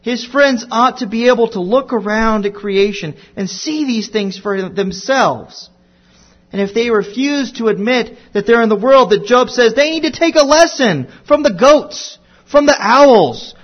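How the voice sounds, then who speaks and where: A man with a high, light voice walks children through a Bible passage at an unhurried pace. He tells it as a story and drops in playful asides. The recording sounds dull and lo-fi. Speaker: Bible teacher.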